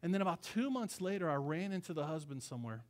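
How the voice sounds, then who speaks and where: A male pastor delivers a sermon in a relaxed, conversational way. He speaks a touch higher than most men. He stresses his points firmly and drops in slangy asides. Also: fast. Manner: casual and emphatic, slangy asides.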